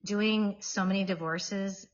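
A woman's voice: mid-range voice, fairly even intonation, takes it slowly. Middle-aged woman guest, earnest, pushes her points hard, slightly muffled sound. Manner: earnest and emphatic. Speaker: divorce mediator guest. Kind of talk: casual chat.

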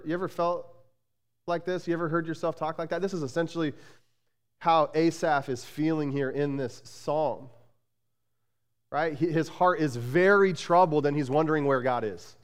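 Male pastor, sermon, higher-pitched and smooth, loose conversational delivery full of restarts, echoing church sanctuary. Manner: conversational, repeats "like" and restarts often. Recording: long hall reverb.

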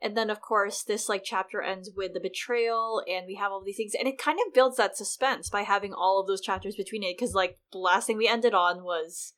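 A woman co-hosting a casual book discussion podcast, expressive and peppering her talk with "like" and "you know". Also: mid-range voice, fairly quick, hardly any pauses. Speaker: podcast co-host.

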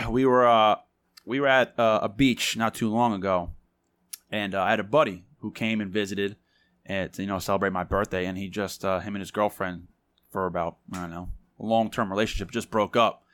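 A male podcast host with a fairly low voice tells a story in a chatty, loose way. He keeps reaching for "like" and "you know". The recording is dry and close. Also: steady tone, moderate pace, a bit bright, dry recording. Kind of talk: casual chat.

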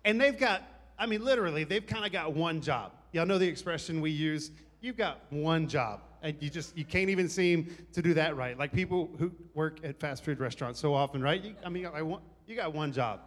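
Man, preacher, casual joking sermon, fairly high voice, long hall echo. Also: brisk, a bit bright. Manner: conversational, joking with the congregation. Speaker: pastor.

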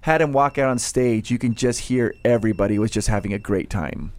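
Animated male emcee telling stories. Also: mid-range voice, a little fast. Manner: animated storyteller who acts out what people said. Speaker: convention emcee. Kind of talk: casual interview storytelling.

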